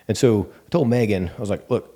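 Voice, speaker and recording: A bank CEO from the Texas Panhandle, guesting on a casual interview, tells stories in a deep, mellow voice at a slightly fast clip. He's animated, acting out quoted dialogue and using lots of filler words.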